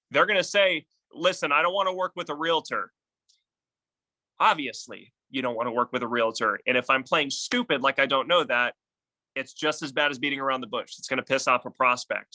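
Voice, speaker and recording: A man coaching real estate agents on cold calls in a casual, energetic and blunt way, sometimes swearing. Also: on the high side. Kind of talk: casual sales training talk.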